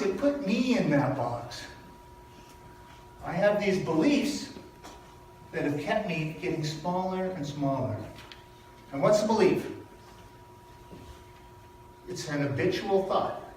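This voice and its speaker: An older man delivers a personal sermon, storytelling with emphatic repeats. His slow delivery swings widely in pitch, and he sits fairly high for a man. He sounds distant from the mic in a very echoey hall, with faint background noise. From Canada. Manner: storytelling, animated, with emphatic repetitions. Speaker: speaker at a spiritual church service.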